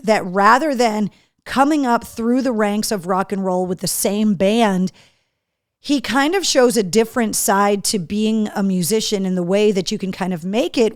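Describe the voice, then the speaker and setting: A woman's voice: medium pitch, no echo, clean studio sound. A woman hosting a live show, chatting casually, reading out viewer comments with a case of the hiccups. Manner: chatty, animated, reads comments aloud. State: has the hiccups. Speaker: radio and podcast host.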